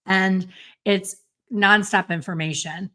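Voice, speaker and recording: A middle-aged woman hairstylist hosting a casual solo podcast, chatty and self-deprecating with quick asides. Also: mid-range voice, fairly even intonation, fairly bright tone. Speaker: podcast host and hairstylist educator.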